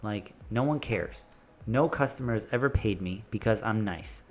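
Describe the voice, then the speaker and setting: A man who runs a landscaping business, giving blunt, animated business advice and stories in a casual vlog. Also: fairly low pitch, normal speed, faint music behind.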